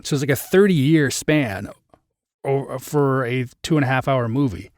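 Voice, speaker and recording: Young man, podcast host, casual rambling review, mid-pitched voice, dry close recording. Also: unhurried, darkish tone, dry recording. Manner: rambling, chatty, lots of "like" fillers. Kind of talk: casual live-stream movie review.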